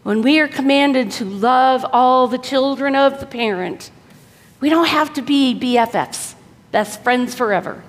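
A woman preacher giving an earnest, exhorting sermon, often dropping soft for emphasis. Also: high voice, a little slow. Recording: long hall reverb.

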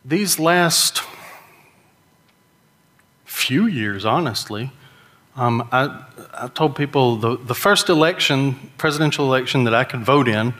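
A man's voice: mid-range voice, lively intonation, takes it slowly, pauses often, a bit bright, big-room sound. A middle-aged man, preaching a sermon in a folksy storytelling way and mimicking characters' whining voices. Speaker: pastor.

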